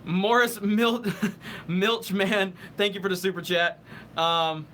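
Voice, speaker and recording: A man's voice: high voice, fairly even intonation, slow pace, fairly bright tone, a little hiss or hum. A young man hosting a live stream, answering super chats in a heated, profane rant and stumbling over restarts while he thinks.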